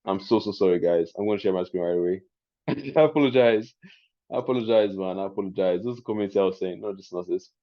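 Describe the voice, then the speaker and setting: A man's voice: low voice, quick pace. Chatty Nigerian man, lo-fi. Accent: Nigerian English. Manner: chatty, excitable, laughs often. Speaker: webinar host. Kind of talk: live webinar teaching.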